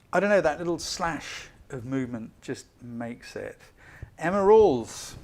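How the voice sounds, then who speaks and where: A man at a middling pitch runs a live photo critique, keen and talkative. He rushes from picture to picture and keeps saying sorry for going fast. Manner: chatty and enthusiastic, hurrying with quick apologies.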